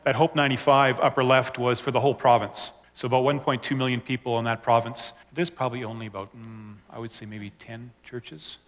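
A man's voice: medium pitch, flat delivery, fairly quick, few pauses, fairly bright tone. A man presenting a slide talk to a church audience, casual and hesitant with fillers. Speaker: missionary presenter. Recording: reverberant hall.

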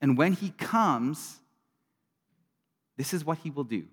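A middle-aged man gives a sermon in a church sanctuary, his voice sitting slightly high for a man. He preaches earnestly and conversationally, jumping to loud bursts and dropping to near hushes. A long reverb from the big hall trails after his words. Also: animated, slow, slightly rough. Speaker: pastor.

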